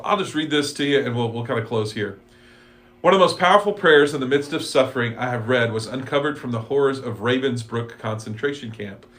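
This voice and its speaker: Casting: man, mid pitch, easygoing teacher leading a small church discussion, reflective. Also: a bit bright. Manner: conversational, reflective, reads scripture aloud. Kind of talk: casual Bible study discussion.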